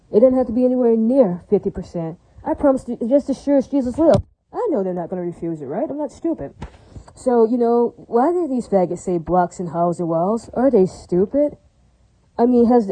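Woman rambling with a very mellow voice. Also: a little high, no echo, low-quality recording. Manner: repetitive, tags lines with "right?"; laughs between phrases. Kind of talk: rambling monologue to viewers.

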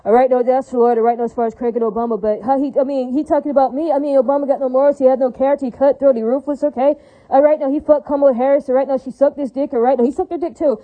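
A woman's voice: high voice, steady tone, rapid-fire. A woman in a rambling, agitated monologue, repeating herself and tagging her points with questions. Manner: repetitive, rambling, with constant tag questions; agitated, profane. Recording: tinny phone-like audio.

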